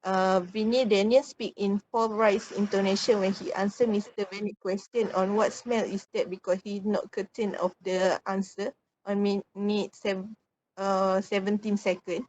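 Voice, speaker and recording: Woman student, class presentation, hesitant with many fillers, mid pitch. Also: little pitch movement, moderate pace, a little mellow, rough recording.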